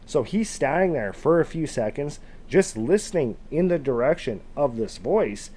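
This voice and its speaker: A man casually retelling a true scary encounter, loosely phrased with fillers, now and then shouting out quoted calls. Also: a little high, animated, normal speed. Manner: casual, conversational, with fillers like "kind of" and "like". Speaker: storyteller.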